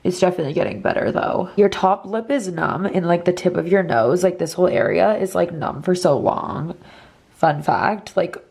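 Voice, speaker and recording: A woman's voice: lowish voice, normal speed, creaky, a little mellow, slightly rough. A young woman in her twenties, congested and talking strangely, chatting casually in a recovery vlog with lots of "like". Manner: chatty, lots of "like", dips into whispers. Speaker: vlogger.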